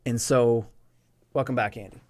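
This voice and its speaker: An earnest man tells a personal story straight into a close microphone, with a mid-range voice of ordinary pitch. The sound is dry, with no room around it. He leans on repeated words to press his points home. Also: fairly even intonation, normal speed, a little mellow, no room sound. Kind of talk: personal storytelling on a live stream.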